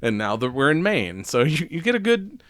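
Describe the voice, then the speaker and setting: A man's voice: a little high, very animated, moderate pace, a bit bright, no room sound. A man hosting a podcast, chatting loosely with lots of swearing and laughter. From Southern United States. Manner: loose and rambling, swears a lot, laughs often. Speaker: podcast host. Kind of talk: casual chat.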